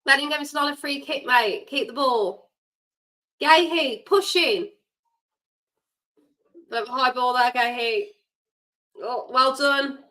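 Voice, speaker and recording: A woman hosting a live football watchalong, reacting loudly and getting exasperated with the players. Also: high voice, slow pace, long pauses, poor audio. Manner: animated, exasperated, shouts at players. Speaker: watchalong host.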